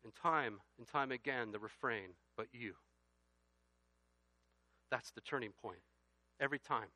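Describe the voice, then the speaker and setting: Bright-voiced preacher building to loud emphasis. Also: male voice, mid-range voice, measured pace, long pauses, dry recording. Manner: builds from quiet to loud, emphatic reading of scripture. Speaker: pastor. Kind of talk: sermon.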